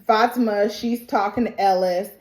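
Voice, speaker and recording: A woman recapping a TV episode in a lively, casual, very reactive way. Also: mid-range voice, normal speed. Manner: lively, colloquial, reacts loudly. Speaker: TV recap YouTuber. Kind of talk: animated show recap. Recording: roomy echo.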